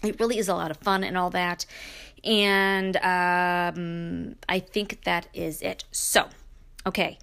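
A woman's voice: on the low side, flat delivery, slow, creaky, fairly bright tone, clean tone. A middle-aged woman hosting her own podcast, talking casually in a rambling, chatty way full of fillers and restarts. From Brooklyn, New York. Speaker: podcast host. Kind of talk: casual solo podcast monologue.

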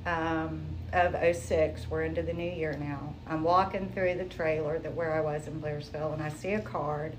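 A woman sharing her personal testimony in an interview, telling it in a lively, conversational way. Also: low-pitched, normal speed, few pauses, noisy background. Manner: animated, conversational storytelling.

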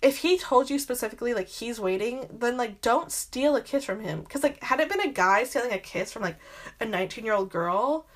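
A woman's voice: a little high, lively intonation, a little fast. A young adult woman hosting a podcast, rambling through exasperated gossip commentary with constant filler words and frequent swearing. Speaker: podcast host.

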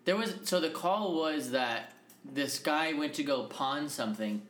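Bright-voiced man in an echoey room. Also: on the high side, measured pace. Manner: rambling, profane, laughs easily. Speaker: podcast co-host. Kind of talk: casual chat, storytelling. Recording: echoey room with faint ambient noise.

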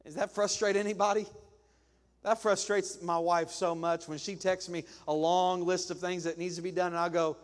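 High-voiced preacher in a reverberant church. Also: male voice, steady tone, normal speed. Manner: conversational preaching with humorous acted-out quotes. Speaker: pastor. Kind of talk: sermon. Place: church sanctuary.

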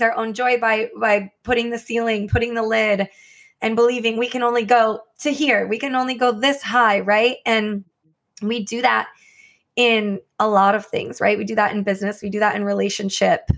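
A woman's voice: mid-range voice, a bit bright. Reflective woman musing in casual chat. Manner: reflective, rambling, says right and like often.

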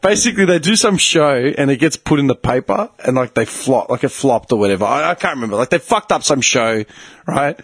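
A lively man with a somewhat husky voice, telling stories in loose, profane banter. His pitch swings widely as he gets worked up. The sound is dry and close. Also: brisk, no echo. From Australia. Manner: swearing, animated storytelling, bursts of laughter. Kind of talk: casual chat.

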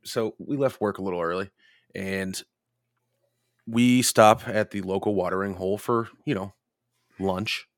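A man's voice: low voice, fairly even intonation, a little slow, pauses often, dry recording, studio quality. A man telling a rambling, profane story in casual podcast chat.

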